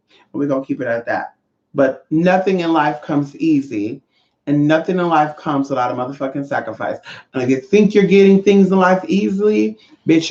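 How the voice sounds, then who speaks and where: A man in his thirties chatting casually on a livestream, sassy and expressive. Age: 30s. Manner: sassy, expressive, swings pitch a lot. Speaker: livestream host. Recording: roomy dull lo-fi sound.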